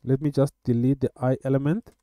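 A man teaching web coding in a screen-recorded tutorial, talking in a halting way with many filler sounds. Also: mid-range voice, fairly even intonation, mellow, no room sound. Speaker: coding instructor.

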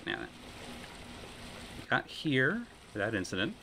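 A man doing live commentary while playing a video game, excitable, swearing and talking to himself. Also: mid-range voice, measured pace, creaky, a little hiss or hum.

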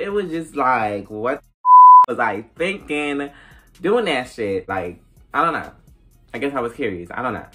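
A young adult woman telling a storytime straight to camera. She is animated and profane, and she slips into acted dialogue as she goes. Faint music plays quietly underneath. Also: low voice. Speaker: vlogger. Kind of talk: casual storytime.

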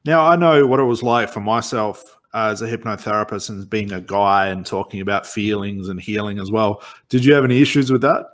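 A man's voice: on the low side, brisk, few pauses. A man hosting an interview, a hypnotherapist who asks questions and gives short encouraging replies. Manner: brief encouraging backchannels. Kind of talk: interview questions and listening cues.

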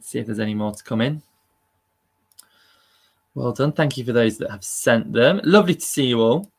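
A man's voice: medium pitch, animated, moderate pace, gravelly, slightly rough. A man hosting a live-streamed quiz, upbeat and chatty and laughing at himself. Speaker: quiz host.

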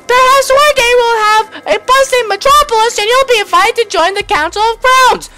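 A man's voice: very high-pitched, moderate pace, loud music behind the voice, pitched above the performer's own voice. A young man voicing a fussy, formal royal advisor in a video game. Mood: prim.

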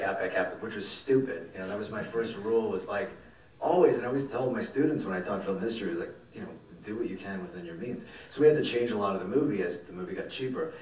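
A man, a film director telling stories at a festival Q&A, animated and rambling and swearing casually. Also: on the low side. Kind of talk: festival Q&A storytelling. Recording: echoey hall, mic from far off.

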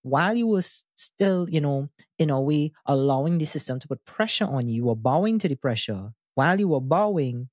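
A man hosting a music podcast, explaining his views with animated enthusiasm in casual discussion. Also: mid-range voice, no echo, studio quality. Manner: animated, enthusiastic explainer who breaks into sung bits. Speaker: podcast host.

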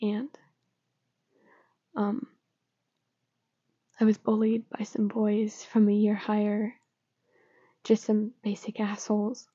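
A woman's voice: mid-range voice, completely flat delivery, slow, pauses often, mellow, breathy edge, dry recording, muffled recording. A woman whispering as a shaky, upset teenage boy, whispered role-play. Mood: subdued. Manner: mumbling, shaky, often whispered.

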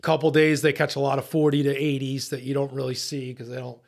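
A man, a boat captain, telling a long fishing story on a podcast in a lively, profane way, acting out his own lines. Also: medium pitch, fast.

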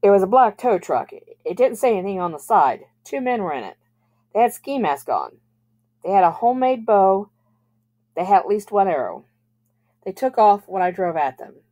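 A woman's voice: on the high side, sing-song, moderate pace, a little mellow, pitched above the performer's own voice. Brief: woman reader as a level-headed teen boy, earnest and plain-spoken. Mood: matter-of-fact. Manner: earnest, matter-of-fact.

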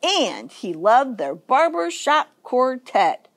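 A children's librarian reads a picture book aloud at story time, her voice sitting high and her pace slow. She tells the story in an expressive, sing-song way.

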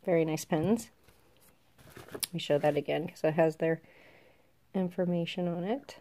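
A woman chatting casually to her viewers as she opens a gift box, soft-spoken and gushing, often stammering with excitement. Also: on the low side, unhurried. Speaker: vlogger opening a gift box. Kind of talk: casual unboxing chat to camera.

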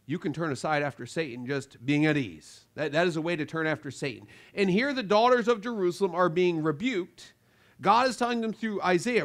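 A man preaching a sermon from the pulpit, his voice sitting noticeably high for a man. He presses his points with emphatic rebukes and sudden quiet drops. He slips into the voices of the people he describes. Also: lively intonation, fairly quick. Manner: emphatic preaching with swings between loud and quiet; acts out quoted voices of listeners. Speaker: pastor.

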